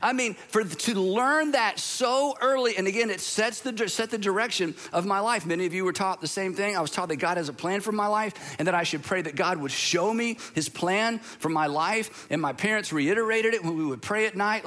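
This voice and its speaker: A man's voice: high voice, normal speed, bright, forceful tone. An American man, middle-aged, preaching a sermon in a conversational storytelling way with humorous asides. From United States. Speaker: pastor.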